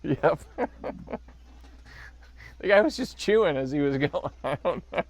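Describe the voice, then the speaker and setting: A man's voice: on the high side, animated, a little slow, dry recording. A man co-hosting a podcast, riffing on a movie in jokey, rambling banter and laughing often. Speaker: podcast co-host.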